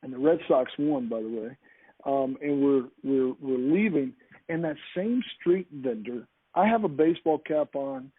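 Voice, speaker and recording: Heard on a call line with tinny, phone-like audio, a podcast speaker shares an animated anecdote. His voice is medium-pitched and husky, he talks a little slowly, and he often restarts sentences; the recording is dry.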